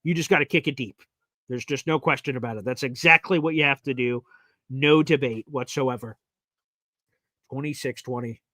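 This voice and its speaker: A man hosting a live sports watch party, giving emotional play-by-play that swings from nervous muttering to loud cheering. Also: mid-range voice, normal speed, no room sound.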